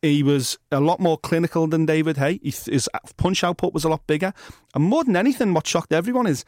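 A man talks boxing at a quick clip, his voice sitting a little high. He is emphatic and excitable and swears freely. The sound is dry and close. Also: no room sound. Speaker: boxing journalist and co-host. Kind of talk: casual podcast chat.

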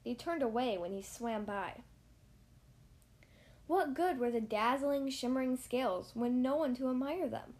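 High-voiced woman reading a kids' story. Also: unhurried. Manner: lively, expressive reading. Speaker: podcast host reading to children. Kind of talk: storybook read-aloud.

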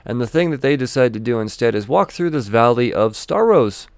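A man's voice: mid-range voice, animated, fairly quick, dry recording. Male comic reviewer, casual and rambling, self-interrupting, clean resonant tone, dry close mic. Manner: chatty, self-interrupting, laughs often, swears casually.

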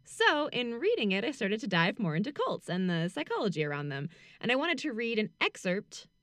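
A woman co-hosting a casual true crime chat, animated and giggly, who also reads a book excerpt aloud. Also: mid-range voice, fairly quick, no echo, clean studio sound. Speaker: podcast co-host presenting the case.

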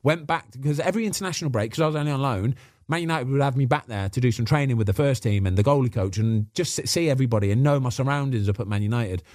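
A man, a podcast guest and former goalkeeper, telling chatty stories in a lively way and acting out the quotes. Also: medium pitch, fast, dry recording, studio quality. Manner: animated, acts out quotes, chatty. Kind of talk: casual storytelling.

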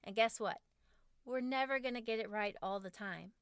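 On her podcast, a woman in her forties, a host and author, reads from her own parenting book in a wry, self-mocking way. Her fairly high voice is smooth and resonant at a moderate pace, and the recording is close and dry.

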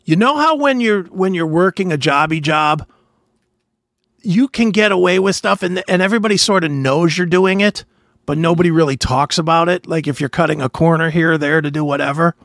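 A man hosting a podcast, telling army stories in a casual, profane way and loudly acting out the people he quotes. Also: fairly high pitch, brisk, no echo, studio quality. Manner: animated, swearing, acts out quotes loudly. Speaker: podcast host, former soldier. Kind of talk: casual storytelling chat.

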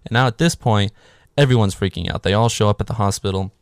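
Sarcastic low-voiced man recapping a film. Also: fast talker, smooth, no room sound, studio quality. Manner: sarcastic, swears freely, filler "like". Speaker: movie recap host. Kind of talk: casual comedic movie recap.

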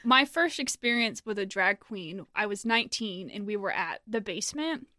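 A woman's voice: medium pitch, expressive, normal speed, pushed and bright, no room sound, clean studio sound. A young woman co-hosting a podcast, chatting casually, swearing freely and telling stories with animation. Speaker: podcast co-host. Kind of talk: casual chat.

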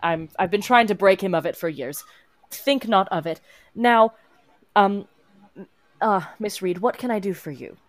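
A woman's voice: medium pitch, animated, measured pace, pauses often, no room sound, clean studio sound, natural voice. A woman voicing a cool, imperious vampire lady in a tabletop game, with haughty, clipped commands. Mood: gracious. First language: not English. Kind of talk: tabletop role-play voicing.

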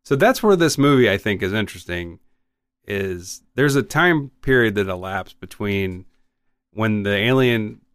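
Low-voiced man chatting about a movie. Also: a bit bright, clear, resonant tone, no echo. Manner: rambling, wry, trails off into mumbles. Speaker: podcast co-host. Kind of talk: casual movie discussion.

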